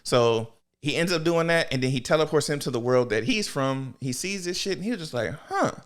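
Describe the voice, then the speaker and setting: Animated slangy male podcast host. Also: medium pitch, brisk. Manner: slangy, animated, swears freely, acts out quotes. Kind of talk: casual storytelling chat.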